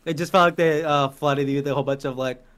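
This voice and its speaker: A man's voice: on the high side, fairly even intonation, quick pace, a bit bright, clear, resonant tone. A young man co-hosting a podcast, speaking hesitantly and stumbling over his words. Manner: hesitant, stumbling, full of fillers. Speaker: podcast co-host. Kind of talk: casual chat.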